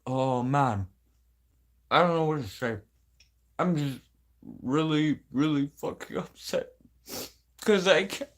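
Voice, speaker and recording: A man's voice: fairly high pitch, slow, long pauses. An adult man venting casually to camera, blunt and rambling, swearing constantly and sounding aggrieved. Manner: emotional, aggrieved. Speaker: vlogger.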